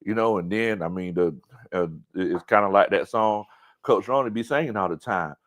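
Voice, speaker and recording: A man hosting a casual sports talk show, animated and full of impressions and bits of song. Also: fairly low pitch, normal speed. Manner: animated, breaks into singing and impressions.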